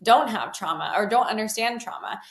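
A woman's voice: mid-range voice, lively intonation, normal speed. Woman, interview guest, heartfelt, frequent "like" fillers, echoey room. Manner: earnest, heartfelt, many "like" fillers. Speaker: guest, healer. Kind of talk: candid interview conversation. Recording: roomy echo.

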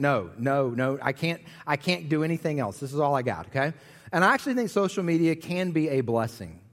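A man in his thirties preaching a sermon as pastor, with animated storytelling and jokey asides. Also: on the high side, long reverb tail.

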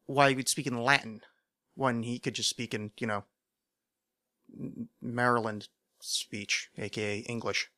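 A man's voice: medium pitch, little pitch movement, unhurried, sharp tone, no room sound. Guy rambling on his podcast, lots of ums and likes, dry close mic. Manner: rambling and self-mocking, many fillers. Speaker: podcast host. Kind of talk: casual solo podcast chat.

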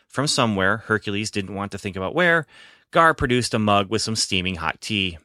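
A man narrates a story in a dry, wry manner. His voice is low yet bright and forceful. The recording is dry and close with no room sound. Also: expressive, brisk, no echo. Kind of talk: audiobook narration.

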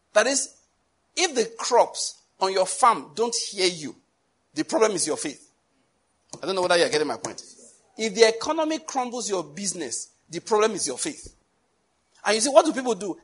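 Husky, emphatic male preacher. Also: sits high. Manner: animated, emphatic, repeats "I hope you're getting my point". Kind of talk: sermon.

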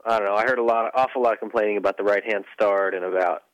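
A man in a casual motocross chat, easygoing and explaining calmly with lots of fillers. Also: on the low side, very fast, no room sound, muffled recording. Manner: easygoing, hedging with fillers, explains medical procedure.

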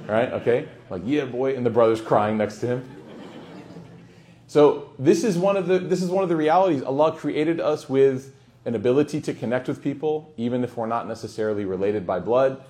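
A man's voice: mid-range voice, animated, brisk. A man speaking as an imam and teacher at a community gathering, in a casual, joking lesson style sprinkled with Arabic phrases. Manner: warm, joking, peppers speech with Arabic phrases.

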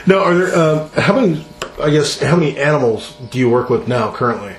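A man's voice: medium pitch, expressive, brisk, soft background music. A man interviewing a guest, attentive, asking questions and often laughing along. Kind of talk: casual interview. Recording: echoey room with mains hum.

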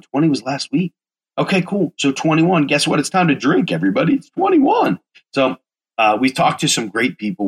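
A man's voice: fairly low pitch, a bit bright, husky, rough recording. A man in his forties hosting a casual solo podcast, rambling loosely, swearing and correcting himself as he goes. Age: 40s. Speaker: podcast host.

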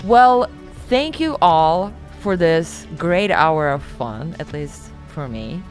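A woman's voice: deep voice, lively intonation, slow, soft background music. A woman hosting a podcast in casual chat, rambling with fillers and thanking her guests. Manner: chatty, trails into fillers, thanks guests at length. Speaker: podcast host.

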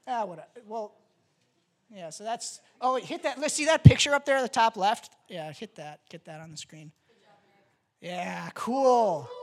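Woman preacher, relaxed and jokey with her congregation, lightly high-pitched and lively. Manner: animated, joking, talkative. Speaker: pastor. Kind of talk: casual sermon.

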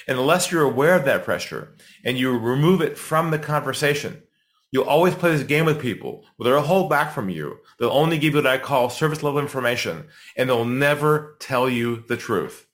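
A middle-aged man tells a sales story as a podcast guest, acting out each voice in the room. His pitch sits in the middle and swings widely, and he speeds up and slows down to build suspense. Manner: animated storyteller, acts out quotes, builds suspense.

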